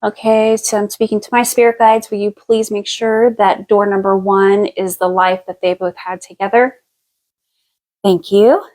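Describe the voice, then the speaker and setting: On a live stream, a psychic medium gives a past-life reading in a mid-range voice, though the recording quality is low. She's relaxed and chatty, laughs easily, and thinks aloud haltingly, full of fillers, restarts, and searches for the right word.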